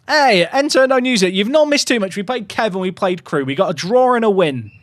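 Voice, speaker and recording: A man chats casually on a live stream, rambling, cutting himself off mid-word, and cooing affectionately at his puppy between remarks. His voice is high-pitched and expressive, his pace fairly quick, and there's no echo.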